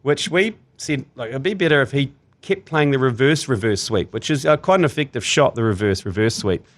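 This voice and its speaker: A man's voice: medium pitch, fairly quick. A man with a New Zealand accent hosting a sports podcast, telling jokey stories in casual chat. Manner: animated, laughing, jokey storytelling. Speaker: podcast host.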